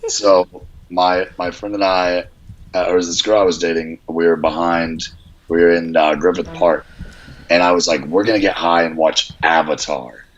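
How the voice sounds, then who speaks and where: Low-voiced man telling a story. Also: flat delivery, moderate pace, muffled recording. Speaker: podcast guest. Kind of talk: casual storytelling.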